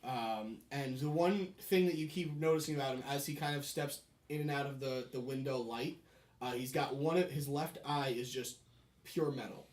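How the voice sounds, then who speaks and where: A man's voice: medium pitch, normal speed. A man narrating as game master of a tabletop game, hesitant and full of fillers, in an echoey room.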